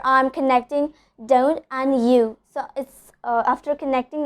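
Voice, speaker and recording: A woman from India teaching pronunciation rules, repeating example words slowly and often saying "so" and "okay". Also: sits high, fairly even intonation, darkish tone.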